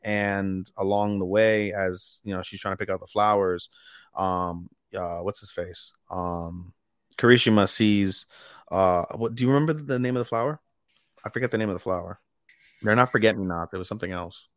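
A man co-hosting a casual anime podcast, retelling scenes with animated quoted lines. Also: low voice, normal speed, no room sound, clean studio sound. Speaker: podcast co-host.

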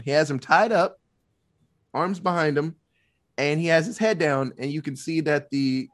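A man in casual chat retelling a movie plot, animated and loose, swearing freely. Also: a little high. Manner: animated, swearing, quick asides.

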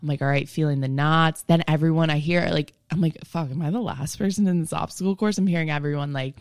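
A woman's voice: low-pitched, fast talker, a little mellow, no echo, clean studio sound. A young woman hosting a podcast, telling rambling, profane stories full of "like" in a casual chat. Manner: profane, rambling, filler-heavy storytelling. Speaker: podcast host.

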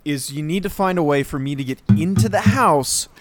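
A man's voice: on the high side, normal speed. A man co-hosting a casual chat, skeptical and firing off questions.

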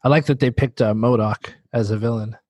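A man's voice: mid-range voice, fairly even intonation, fairly quick, a little mellow. A man co-hosting a casual video game podcast, joking and laughing as he talks. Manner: laughing, jokey, slips into mock voices for quotes. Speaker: podcast co-host. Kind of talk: casual chat about video games.

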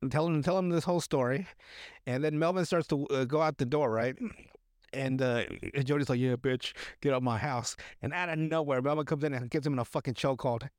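A man with a slightly high voice rambles through a movie recap on his podcast, cursing freely and cracking himself up. His voice sits close and dry, with no room sound. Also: fairly even intonation, a little fast, no room sound. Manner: profane, laughs often, loose rambling storytelling. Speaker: podcast host. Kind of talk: casual movie recap chat.

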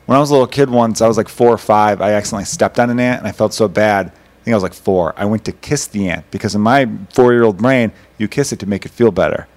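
Man in his thirties, podcast host, rapid-fire talk, profane, animated storyteller. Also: on the low side. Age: 30s. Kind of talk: casual chat.

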